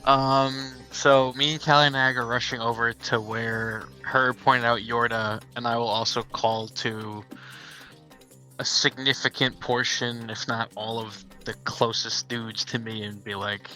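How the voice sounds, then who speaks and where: Very bright-voiced man player. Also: medium pitch, flat delivery, measured pace, soft background music, rough recording. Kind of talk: playing a tabletop game.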